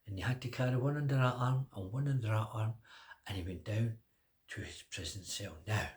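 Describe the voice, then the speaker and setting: Grandfatherly storyteller with dramatic pauses. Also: on the low side. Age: older. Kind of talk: telling a children's story.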